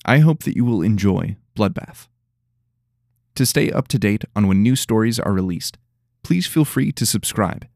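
A man's voice: lowish voice, expressive, moderate pace, a little mellow, no room sound, studio quality. A man giving a formal, courteous scripted intro to a story podcast. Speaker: podcast host.

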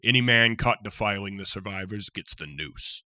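A man voicing a huge, jovial male warrior captain with boisterous, rough soldier talk. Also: fairly low pitch, moderate pace, sharp tone, no echo. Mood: stern.

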